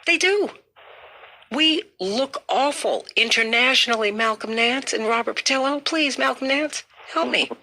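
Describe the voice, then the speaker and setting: A woman's voice: on the high side, normal speed, few pauses, pushed and bright. A woman hosting a call-in talk show, speaking firmly and emphatically. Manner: firm, emphatic, repeats names to cut in.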